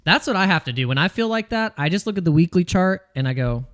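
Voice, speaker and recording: A man hosting a casual livestream chat, relaxed and laughing, often repeating words. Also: sits high, fast talker. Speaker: host.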